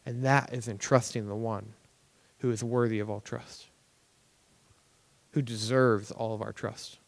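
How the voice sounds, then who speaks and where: A young man giving a casual, conversational sermon as a preacher, animated and acting out everyday reactions. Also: medium pitch, unhurried, vocal fry. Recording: long hall reverb.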